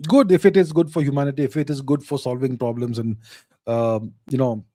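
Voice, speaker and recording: A man's voice: medium pitch, fairly even intonation, a little fast, dark tone, no echo. A man hosting a live question-and-answer show, reading out viewers' questions and answering in short, emphatic, repeated phrases. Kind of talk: casual live Q&A monologue.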